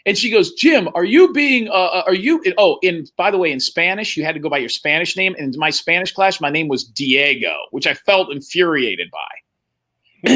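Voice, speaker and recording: A man's voice: on the high side, animated, normal speed, bright, forceful tone. A middle-aged man telling a long, profane story in casual chat and acting out the other people's lines. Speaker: podcast host telling a story.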